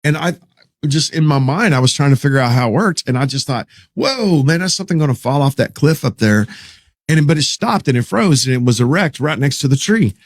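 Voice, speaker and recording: Middle-aged guy telling a story, folksy and animated, dry close sound. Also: medium pitch, a little fast, no echo. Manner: folksy, animated, quotes himself. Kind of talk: casual storytelling.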